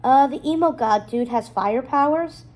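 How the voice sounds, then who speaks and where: A woman's voice: sits high, moderate pace, darkish tone, close to an everyday voice, rough recording. A woman voicing a joking young man who is a former racer and acts as his brother's coach, with a coach-like pep-talk manner.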